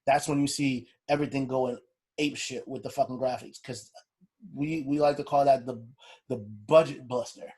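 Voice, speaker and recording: Male podcast co-host, husky, animated and profane. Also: medium pitch, moderate pace. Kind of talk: casual chat.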